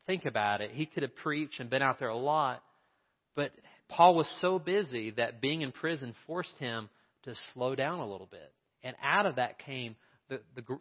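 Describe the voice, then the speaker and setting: A man preaching a sermon in an earnest, conversational way, asking his listeners questions as a pastor. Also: mid-range voice. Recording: dull sound with long hall reverb.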